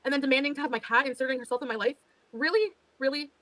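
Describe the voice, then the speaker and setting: A woman's voice: sits high, fairly even intonation, rapid-fire, a bit bright, dry recording, rough recording. A woman ranting defensively on a livestream, exasperated and swearing as she talks. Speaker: livestreamer being reacted to. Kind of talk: heated livestream rant.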